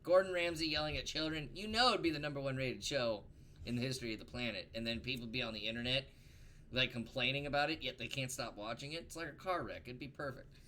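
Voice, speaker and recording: A man's voice: mid-range voice, fast talker, sharp tone. A young man co-hosting a livestreamed talk show, chatting casually and joking crudely, often laughing. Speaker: podcast co-host.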